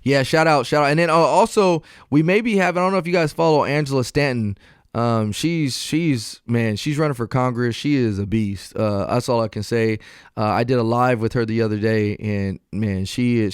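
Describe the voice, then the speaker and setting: A man's voice: mid-range voice, normal speed, smooth, no room sound, clean studio sound. A man hosting a podcast, speaking in an earnest, motivational, conversational way. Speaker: podcast host. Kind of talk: casual podcast chat.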